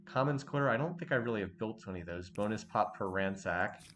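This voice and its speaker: A man commentating his strategy game as he plays, halting and repeating himself when frustrated. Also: on the low side, lively intonation, a bit bright, a little hiss or hum. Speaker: game streamer. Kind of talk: let's play commentary.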